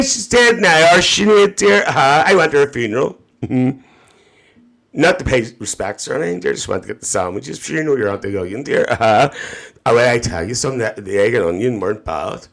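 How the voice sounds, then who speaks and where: A man's voice: mid-range voice, fairly bright tone. A man performing a brash, gossiping older Northern Irish auntie with a Northern Irish accent, telling rambling stories on a comedy livestream. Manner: rambling anecdotes with frequent "dear" and "uh-huh". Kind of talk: character comedy monologue on a livestream.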